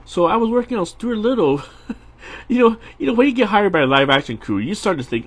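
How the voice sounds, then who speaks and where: A middle-aged man with a slightly husky voice talks in a loose, rambling way as he sketches. His pitch swings widely, rising when he gets excited and dropping when he mutters to himself, and he often restarts his sentences. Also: fairly quick. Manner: chatty and rambling, with many restarts, fillers and laughs. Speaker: storyboard artist streaming a live drawing session. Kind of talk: casual rambling chat while drawing.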